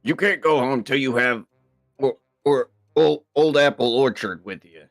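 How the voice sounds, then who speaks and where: A man's voice: mid-range voice, a little slow, faint music behind. A man speaking in character as a player in a tabletop game, rambling and flustered, fumbling names. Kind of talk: in-character tabletop role-play.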